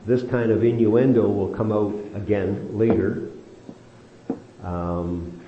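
A man teaching a Bible study, lively and animated, leaning on slow emphatic stretches. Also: fairly low pitch. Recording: roomy, dull lo-fi sound with faint noise.

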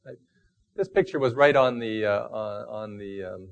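A man giving a sermon in a halting, thoughtful and self-deprecating way. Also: lowish voice, gravelly. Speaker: preacher. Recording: dull lo-fi recording.

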